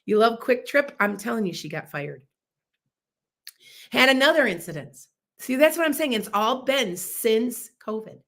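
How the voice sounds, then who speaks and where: Woman host in her fifties, loud, boisterous, casual live chat storyteller. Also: a little high, big pitch swings, moderate pace. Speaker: podcast host.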